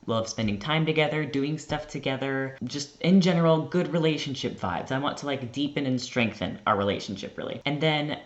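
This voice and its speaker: A man's voice: mid-range voice, a little fast, few pauses, muffled recording. A young American man telling a rambling, chatty story to his vlog audience. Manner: chatty, rambling, heavy use of "like". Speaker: vlogger.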